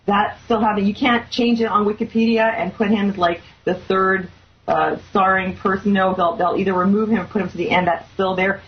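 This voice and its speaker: A woman hosts a talk show, retelling a story in an earnest, filler-laden way. Her pitch sits in the middle, and the recording sounds slightly dull and lo-fi. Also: fairly even intonation, a little fast, a little hiss or hum. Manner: earnest, recounting with many fillers. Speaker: host.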